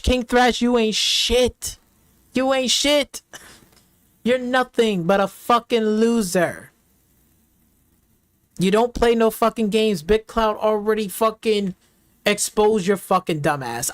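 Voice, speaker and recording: A man's voice: sits high, no echo. Heated, profane man ranting. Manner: loud, heated, slangy, repeats himself. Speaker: reaction streamer.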